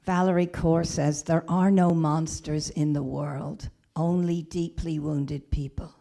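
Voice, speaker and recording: A woman minister tells a story from the pulpit in a low voice, taking her time. She speaks gently and haltingly, often restarting her phrases. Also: steady tone, creaky. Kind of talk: storytelling sermon. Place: church or spiritual center.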